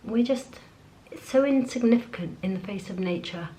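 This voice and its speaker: A woman's voice: a little high, normal speed, dark tone, rough recording. A woman chatting to camera as a beauty vlogger, rambling on while she gets ready at home. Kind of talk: casual chat to camera. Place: at home, indoors.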